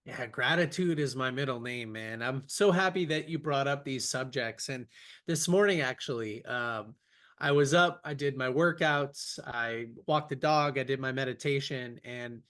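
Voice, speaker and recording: Over a video call, a young man hosts a casual podcast interview, telling stories in an enthusiastic, upbeat way. His voice is medium-pitched, a bit bright, at a moderate pace.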